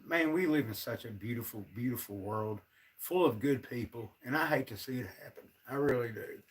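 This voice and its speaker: A man's voice: medium pitch, a little fast, recorded from a distance. A man, ranting to his viewers on a casual livestream, sounding frustrated and fed up. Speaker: livestream host.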